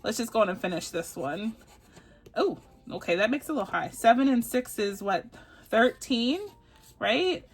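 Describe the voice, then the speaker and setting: A woman's voice: on the high side, expressive, normal speed, slightly rough, soft background music. A woman from Texas chatting casually and giggling as she counts up her savings challenge sums aloud on her budgeting channel. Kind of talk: casual chat while doing savings challenges.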